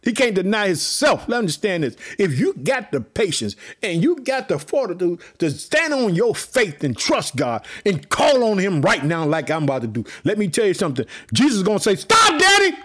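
A fired-up man preaching a sermon. His voice sits very high and swings wildly up and down, breaking into shouts as he repeats his catchphrases. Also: big pitch swings, a little fast, hardly any pauses. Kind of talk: fiery sermon.

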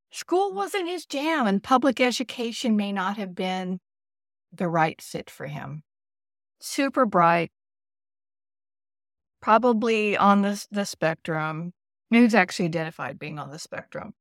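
A woman's voice: medium pitch, dry recording, clean studio sound. A woman principal hosting her own podcast, speaking candidly to fellow principals and laughing at herself now and then. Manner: candid, laughs at herself, acts out parent voices. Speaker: podcast host, school principal. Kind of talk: solo podcast talk.

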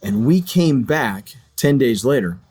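A man's voice: mid-range voice, expressive, measured pace, a little mellow, slightly rough. A middle-aged man, a retired pilot and chaplain, earnestly telling a personal story as an interview guest.

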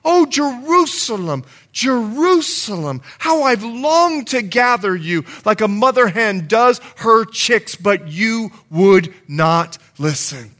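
A man's voice: high-pitched, big pitch swings, slow pace, few pauses, fairly bright tone, pitched above the performer's own voice, full character voice. A male preacher voicing Jesus as a compassionate man pleading in prayer, impassioned and lamenting.

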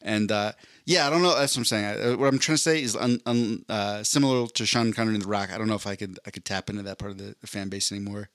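A man's voice: lowish voice, fast talker, few pauses, a bit bright, dry recording, studio quality. Rambling man on a casual podcast. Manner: rambling, self-deprecating storytelling. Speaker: podcast co-host. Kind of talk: casual chat.

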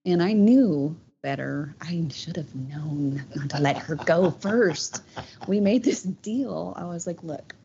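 A woman's voice: lowish voice, expressive, slow pace, vocal fry, warm tone, a little hiss or hum. A woman, telling a personal story as a podcast guest in a heartfelt, rambling way, with many "you know" fillers. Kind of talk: casual storytelling. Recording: dull lo-fi podcast audio.

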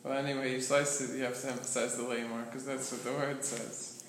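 A man's voice: mid-range voice, flat delivery, a little fast. A man in a group study of a religious text, asking questions and challenging the explanation. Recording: echoey room with clear background noise.

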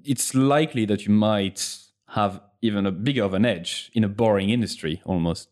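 A man with a lowish voice hosts an interview in casual chat. He speaks hesitantly and keeps restarting his phrases as he works toward a question. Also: normal speed, a little mellow. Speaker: host, interviewer.

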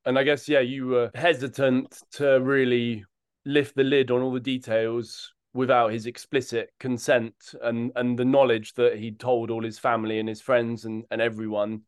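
A man hosting a podcast, asking questions in a relaxed way and summing up his guest's story. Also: medium pitch, moderate pace, clear, resonant tone, no room sound, clean studio sound. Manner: relaxed, summarizing the guest's story back to him. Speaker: podcast host. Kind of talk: interview questions.

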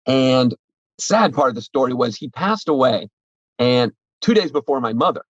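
A man's voice: mid-range voice, expressive, normal speed, breathy edge, dry recording, dull audio. A man who runs a sports card shop, talking bluntly and animatedly in a casual podcast interview, swearing freely.

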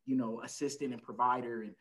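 A man talking as a podcast guest and caregiver, telling a family story in a relaxed conversational way, with lots of "you know" and acted-out lines from family members. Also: mid-range voice, fast, low-quality recording. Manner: frequent "you know" fillers. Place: lives in El Paso, Texas.

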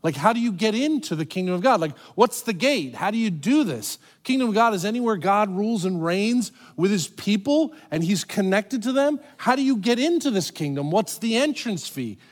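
A male pastor giving a sermon in an animated, conversational way, with dramatic pauses and quoted voices. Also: sits high.

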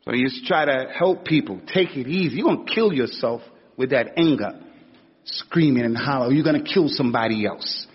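A man's voice: medium pitch, expressive, moderate pace, breathy edge. A man giving an informal sermon in a conversational, slangy way, acting out little stories as he goes. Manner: conversational, street slang, acts out anecdotes. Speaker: preacher. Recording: dull recording with long hall reverb.

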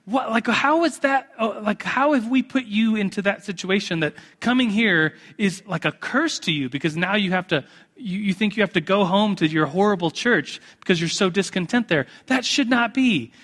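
A man's voice: high-pitched, lively intonation, normal speed, a bit bright. A man, preaching a sermon in a casual, chatty way full of restarts. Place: church sanctuary. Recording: echoey hall.

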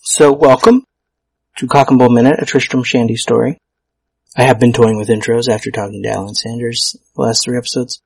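Podcast host, male, gravelly and husky, casual and self-mocking, stumbles over words. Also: mid-range voice, steady tone, brisk, dry recording. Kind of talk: casual solo podcast talk.

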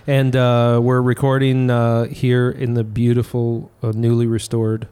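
A man co-hosting a casual podcast, chatty and halting with frequent restarts, recorded in a studio. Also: mid-range voice, monotone, mellow, clear, resonant tone. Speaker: podcast co-host. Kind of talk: casual chat. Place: recording studio in a restored theater.

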